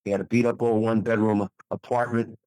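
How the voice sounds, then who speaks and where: A man's voice: on the low side, flat delivery, brisk, warm tone, dry recording, rough recording. An older man, a retired bodybuilder, giving an enthusiastic interview and repeating phrases for emphasis. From USA. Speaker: guest, retired pro bodybuilder. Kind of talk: enthusiastic motivational interview talk.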